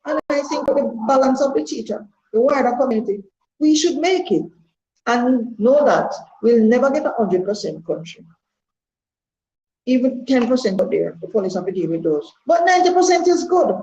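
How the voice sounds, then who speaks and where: A woman's voice: fairly high pitch, animated, normal speed, warm tone, slight background noise. A Jamaican woman of sixty-eight speaking her mind as a party member, earnest and rambling, repeating words for emphasis. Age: 60s. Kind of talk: candid testimony. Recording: echoey room, dull lo-fi sound.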